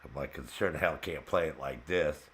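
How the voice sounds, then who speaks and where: A man's voice: a bass voice, moderate pace, fairly bright tone, slight background noise. A man hosting a gaming show, casually and profanely retelling his own frustration, often breaking into laughter. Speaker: gaming channel host. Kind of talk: casual chat while gaming.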